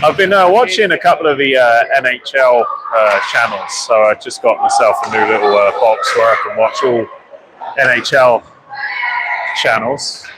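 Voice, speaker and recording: A man doing live play-by-play for an ice hockey game with rambling, self-deprecating asides, excitable when a goal goes in. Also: mid-range voice, moderate pace. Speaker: hockey commentator. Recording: loud arena noise behind the voice.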